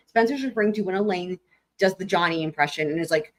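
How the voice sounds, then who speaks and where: A woman's voice: mid-range voice, lively intonation, fast. A woman hosting a live stream, chatting casually and laughing while reacting to trial footage, swearing freely.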